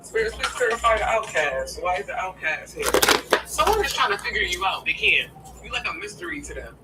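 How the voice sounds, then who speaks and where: A woman's voice: mid-range voice, fairly quick. A woman giving a casual tarot reading to her viewers, blunt and profane, often asking "okay?". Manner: keeps checking in with "okay?". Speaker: tarot reader. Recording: distant mic with steady background noise.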